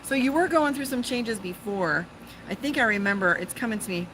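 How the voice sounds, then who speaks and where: A woman's voice: a little high, lively intonation, brisk, background noise. Chatty, foul-mouthed woman reading tarot outdoors. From Las Vegas, USA. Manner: chatty, profane, breaks off to talk to her dog. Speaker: tarot reader and psychic. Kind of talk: casual live-streamed tarot reading. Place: outdoors by a pool.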